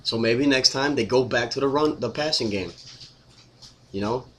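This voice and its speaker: A man's voice: mid-range voice, normal speed, a bit bright. A man ranting casually to camera as a sports fan, exasperated, repetitive and blunt.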